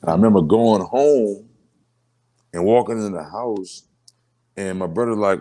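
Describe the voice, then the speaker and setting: A rapper from New Orleans, Louisiana in a casual sit-down interview, telling emotional stories in street slang and filler phrases. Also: male voice, lowish voice, normal speed, long pauses, dark tone.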